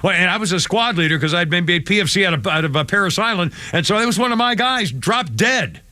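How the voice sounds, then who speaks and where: An older man in his seventies hosts an opinionated talk show, his voice pitched high and pushed forward with a tense edge. He rambles through restarts and builds into heated, emotional tirades. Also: expressive, quick pace, sharp tone, no echo. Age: 70s. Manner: emotional, choked up at times.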